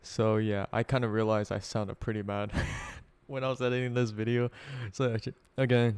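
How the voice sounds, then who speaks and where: A young man from Korea doing reaction commentary, talking loudly and bluntly with plenty of swearing and laughter. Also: on the low side, level tone, normal speed, smooth. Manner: loud, blunt and profane, with frequent laughs. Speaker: commentary YouTuber.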